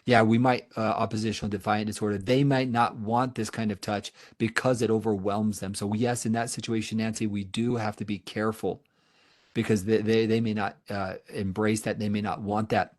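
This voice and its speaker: Middle-aged male therapist presenting a webinar, earnest and emphatic, lowish voice. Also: flat delivery, normal speed, darkish tone. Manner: answers audience questions.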